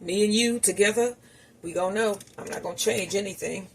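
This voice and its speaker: A woman's voice: mid-range voice, a little fast, a little hiss or hum. A woman chatting casually to her viewers while she cooks in her home kitchen, calling them y'all. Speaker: home cooking vlogger. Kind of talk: casual cooking vlog narration.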